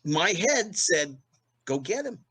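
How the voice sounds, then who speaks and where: Lively man telling a story. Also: breathy edge, no echo. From New Jersey, US. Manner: fast storytelling with acted-out quotes, rising pitch on punchlines. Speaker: guest, former child actor. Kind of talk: animated anecdote telling.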